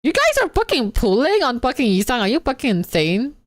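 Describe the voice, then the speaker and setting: A woman streamer giving casual, excitable game commentary, swearing and laughing often. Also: high voice, brisk, no room sound, clean studio sound.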